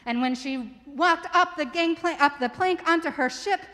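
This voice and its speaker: A woman tells a children's story to a church congregation, lively and stopping to ask the listeners questions. Her voice sits a little high, and a long sanctuary reverb trails each phrase. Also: moderate pace. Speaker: worship leader telling a children's story. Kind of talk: story for all ages told aloud to a congregation.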